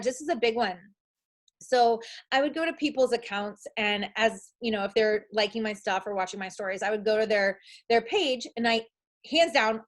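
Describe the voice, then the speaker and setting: Chatty high-voiced young woman coaching. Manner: chatty, upbeat, lots of likes and ums; shifts into acted-out quotes of herself. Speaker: coach trainer. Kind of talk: casual training talk.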